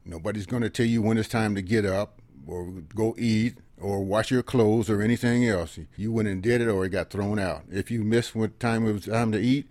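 A veteran man in his seventies tells his stories in an earnest, folksy way, slipping into quiet asides. His voice sits low and is close and dry, with no room sound around it. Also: fairly even intonation, moderate pace, hardly any pauses, no room sound. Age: 70s. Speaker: guest, veteran and organizer of a history project. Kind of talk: conversational storytelling.

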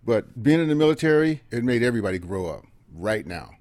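A man in his seventies, a veteran and guest, telling stories in a folksy, earnest way and dropping into quiet asides. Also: mid-range voice, very animated, a little fast, dry recording. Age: 70s. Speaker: guest, veteran and organizer of a history project. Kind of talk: conversational storytelling.

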